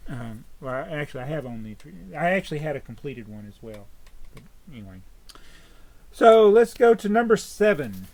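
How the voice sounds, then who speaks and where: Chatty guy hosting, kinda high voice, loses his place and backtracks a lot. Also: sing-song, normal speed, darkish tone. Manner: rambling, self-correcting, chatty collector. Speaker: host. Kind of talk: casual chat.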